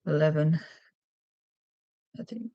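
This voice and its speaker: A woman's voice: low-pitched, takes it slowly, no room sound. Chatty woman crochet streamer, dull dry sound. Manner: chatty and easily sidetracked, counts stitches aloud. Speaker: livestream host. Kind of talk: casual livestream chat while crocheting.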